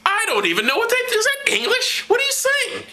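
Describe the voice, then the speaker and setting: Paul, a man doing a shrill indignant apostle. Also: huge pitch swings, a little fast, echoey room, background noise, heavily acted.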